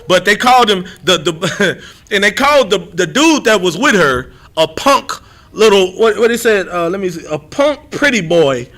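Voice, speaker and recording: High, bright-voiced man preaching. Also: normal speed. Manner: animated, rambling, repeats himself. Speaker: street preacher. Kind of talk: livestreamed scripture teaching.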